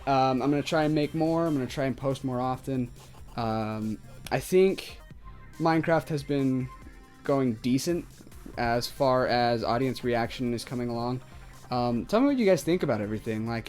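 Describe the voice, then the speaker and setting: A man's voice: mid-range voice, a little mellow. A man talking casually to camera as a YouTuber, ranting with lots of "like" and "um". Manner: casual, ranting, heavy use of "like" and "um". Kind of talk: ranting vlog commentary.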